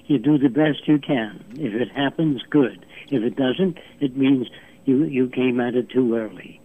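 A man in his nineties, joining by phone as a guest, lectures emphatically through his interview answers and drives home his points with rhetorical questions. His voice is medium-pitched at a measured pace, over a tinny phone line.

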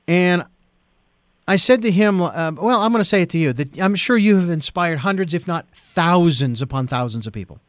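Man, radio host, studio, chatty, rambling, higher voice, dry close sound. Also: animated, moderate pace, no echo. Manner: chatty, rambling setups, laughs easily. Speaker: radio talk show host. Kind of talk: radio interview.

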